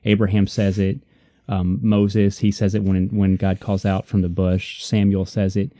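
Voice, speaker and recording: A man with a low, deeply mellow voice talks through his faith in a casual discussion. He is earnest and reflective, circling back to repeat key points for emphasis. The sound is dry and close. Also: little pitch movement, a little slow, no echo. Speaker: podcast co-host.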